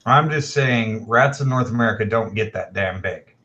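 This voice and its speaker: A man's voice: lowish voice, normal speed, pushed and bright, dull audio. A man in a casual online chat, ranting emphatically and swearing.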